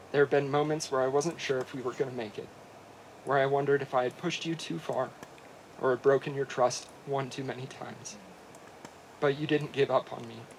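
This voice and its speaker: A man, the groom, reading his wedding vows in an earnest, heartfelt way, his voice softening at the tender lines. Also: mid-range voice, a little hiss or hum, low-quality recording.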